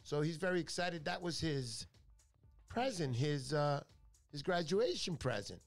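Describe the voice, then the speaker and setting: A man hosting a radio talk show speaks a little high with lively intonation and vocal fry, keeping a measured pace over soft background music. He tells casual stories in a chatty, joking style that drifts off topic.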